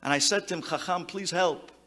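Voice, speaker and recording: Impassioned high, bright-voiced rabbi. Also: male voice, fairly quick. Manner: impassioned, swinging from loud exclamations to hushed tones; sprinkles Hebrew words into English. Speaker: rabbi giving a eulogy. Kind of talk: memorial speech to a gathering.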